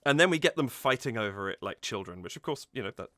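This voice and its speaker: A man's voice: medium pitch, animated, quick pace, bright, forceful tone, no echo, studio quality, faint music behind. A man reacting to and analysing a song cover, gushing with delight and humming bits of melody to explain it. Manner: gushing, hums and sings snippets to explain. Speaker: music reaction YouTuber. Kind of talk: enthusiastic musical analysis.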